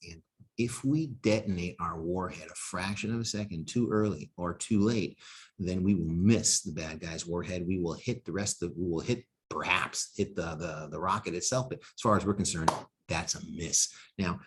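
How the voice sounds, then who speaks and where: A man's voice: low voice, slight background noise. A man, a rocket scientist, giving a humorous lecture full of wry, self-deprecating asides. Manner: energetic storyteller with quick bursts and drawn-out emphasis.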